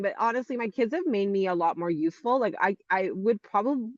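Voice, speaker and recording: A woman's voice: mid-range voice, expressive, fairly quick, no echo. Interview guest: Canadian woman, forties, rambling and filler-heavy, on a dull, dry, lo-fi recording. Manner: rambling, heavy use of "like", frequent restarts. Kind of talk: casual interview chat.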